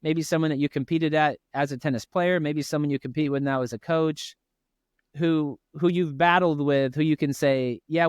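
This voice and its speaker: A man hosting a podcast interview, speaking in a thoughtful, measured way with some fillers. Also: a little high, clean tone, no echo. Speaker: podcast host. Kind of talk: interview, reading an excerpt aloud.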